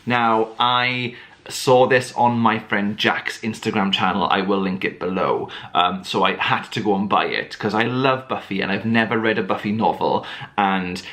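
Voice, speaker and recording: A man's voice: fairly low pitch, normal speed, pushed and bright. A man chatting to camera as a book vlogger, rambling with lots of fillers and restarts. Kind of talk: casual chat to camera.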